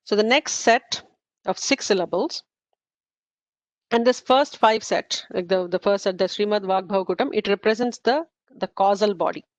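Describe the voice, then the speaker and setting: In a slightly muffled, dull, dry recording, a woman gives an informal lecture to a study group. Her voice is medium-pitched at a normal speed as she explains step by step, with frequent fillers and self-corrections.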